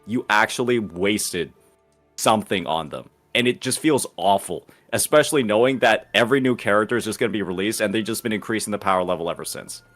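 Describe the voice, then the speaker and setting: Low-voiced man debating casually. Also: fairly quick, fairly bright tone, soft background music. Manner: rambling, swears, heavy use of "like". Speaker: debate guest.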